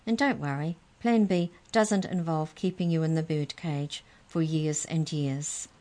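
A jovial male giant, gleeful and scheming, a bit brighter and livelier than plain narration, as a woman reads him in a storybook. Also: low-pitched, measured pace.

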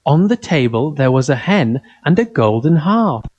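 A man reading a children's fairy tale aloud in simple, even, carefully spoken sentences. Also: fairly high pitch, moderate pace, slightly rough, highs cut off. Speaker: storyteller.

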